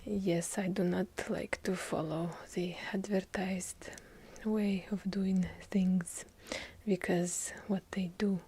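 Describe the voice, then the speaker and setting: A woman with a heavy Russian accent whispers ASMR close to the mic in an airy, breathy hush. She talks slowly and rambles, playful and mock-serious, drifting off on tangents. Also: medium pitch, steady tone. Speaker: ASMR channel host. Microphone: handheld field recorder, close.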